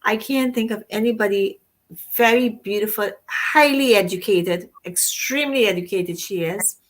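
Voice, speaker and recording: A woman's voice: mid-range voice, moderate pace. A woman co-hosting a casual talk show, speaking effusively and rambling, with frequent restarts and rephrasings. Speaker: co-host.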